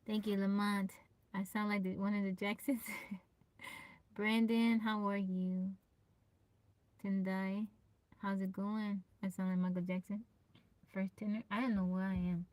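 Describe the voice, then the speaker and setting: Soft-voiced woman live streamer. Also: little pitch movement, unhurried, long pauses, no room sound. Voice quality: naturally low, soft voice. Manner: greets viewers by name, laughs often; pushes to project her voice. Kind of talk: casual live-stream chat. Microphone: phone.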